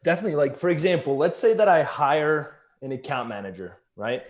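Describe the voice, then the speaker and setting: Man with a slightly high voice explaining. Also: very animated, a little fast. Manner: earnest, explains with examples. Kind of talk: casual business conversation.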